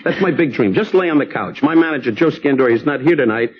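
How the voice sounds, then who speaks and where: A man in his fifties, a comedian guest on a talk show, rattling off insult jokes with mock sincerity. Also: lively intonation. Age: 50s. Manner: rapid insult jokes, mock sincerity, high put-on voices in quotes. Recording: muffled old TV broadcast with hiss.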